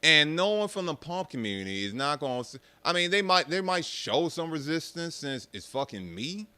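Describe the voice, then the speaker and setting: A young man ranting casually to his viewers, swearing freely and mocking people in an animated way. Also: a little high, normal speed, clear, resonant tone, no room sound. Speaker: streamer talking about arcade rhythm games.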